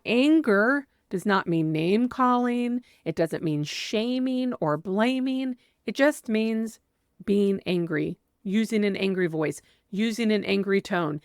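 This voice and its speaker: A woman parenting coach delivers an advice monologue, earnest and direct, sometimes acting out with emphasis what a parent might say. Her voice is medium-pitched and animated, at a slow pace. The recording is dry, with clean studio sound.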